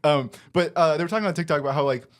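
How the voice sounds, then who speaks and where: A man's voice: fairly high pitch, very fast. A man hosting a podcast, chatting and reflecting in a casual interview. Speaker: podcast host.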